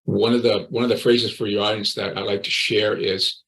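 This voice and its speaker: An older man speaks as a guest on an interview podcast, in a low voice with a bright, forceful edge. He talks bluntly and directly, stressing his points with emphasis. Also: flat delivery, normal speed, poor audio. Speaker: recovery coach guest. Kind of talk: interview conversation.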